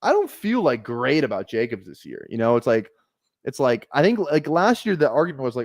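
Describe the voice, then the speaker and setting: A man's voice: fairly high pitch, big pitch swings, brisk, a little mellow, no room sound, studio quality. A man giving casual live-stream commentary on his fantasy football draft, rambling and correcting himself as he thinks aloud.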